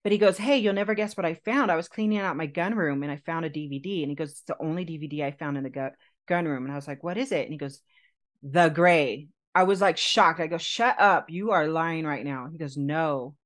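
A woman co-hosting a podcast, telling a personal story in an animated, chatty way with frequent laughter. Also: low voice, quick pace. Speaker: podcast co-host telling her proposal story. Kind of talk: casual storytelling chat.

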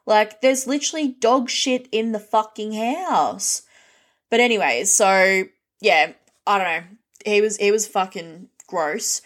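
An Australian woman hosts a podcast, telling her stories in a loose, unscripted monologue. She is blunt and swears freely, slipping into the voices of the people she quotes. Her voice sits at an everyday middle pitch for a woman. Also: a little slow. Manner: blunt, heavy swearing, lively retelling with quoted dialogue. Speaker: podcast host. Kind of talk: casual storytelling monologue.

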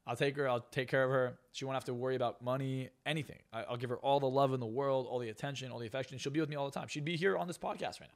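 A man's voice: medium pitch, fairly even intonation, racing, few pauses. A man who is a hypnotist and coach, guest on a podcast interview, talking bluntly and profanely with lots of emphasis.

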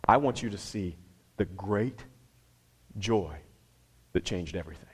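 A man's voice: sits low, unhurried, husky. A man preaching a sermon in a conversational, emphatic way, repeating phrases for effect. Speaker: pastor.

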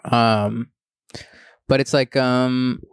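A man's voice: medium pitch, fairly even intonation, smooth, no room sound, clean studio sound. A young man co-hosting a podcast in casual chat, blunt and profane. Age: young adult. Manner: blunt, profane, fast-talking. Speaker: podcast co-host.

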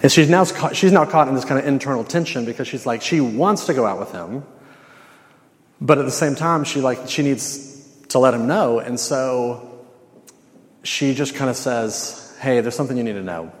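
A man's voice: medium pitch, moderate pace, big-room sound. A male campus minister giving a conversational sermon, telling stories with casual slang.

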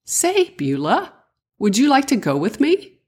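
A woman's voice: high-pitched, huge pitch swings, unhurried, darkish tone, husky, pitched above the performer's own voice, heavily acted. An older woman voicing a friendly, eager male black bear in a children's story.

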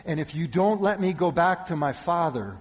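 A man preaching and voicing Jesus as a calm man who speaks with quiet authority, low, gentle and solemn. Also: moderate pace, slightly rough. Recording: long church reverb.

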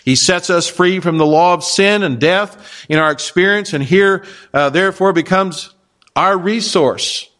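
Conversational male preacher, fairly high voice. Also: unhurried, fairly bright tone. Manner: conversational, with rhetorical questions to the listeners. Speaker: pastor. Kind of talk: expository sermon.

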